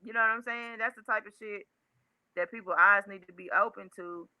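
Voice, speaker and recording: A woman's voice: medium pitch, fairly even intonation, fairly quick, pushed and bright, clean tone, no echo, low-quality recording. A woman joining a live talk show as a guest, blunt and challenging, firing rhetorical questions back at her critics. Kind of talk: casual heated call-in talk.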